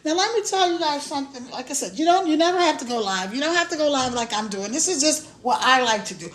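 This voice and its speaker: High-voiced chatty woman on a phone livestream. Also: fast. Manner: chatty and animated, laughs often. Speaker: online business promoter. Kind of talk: casual live-stream chat.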